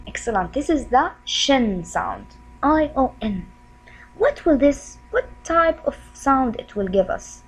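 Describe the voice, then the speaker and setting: A woman's voice: on the high side, expressive, rough recording. Friendly woman teaching a spelling lesson. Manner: repeats sounds slowly and clearly; friendly, asks questions of the learners. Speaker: English teacher.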